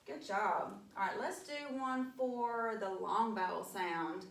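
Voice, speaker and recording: A woman teaching a phonics lesson, sounding out letters in a slow, encouraging way. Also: mid-range voice, fairly bright tone. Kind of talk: mock phonics lesson to an imagined class. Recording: echoey room, voice from a distance.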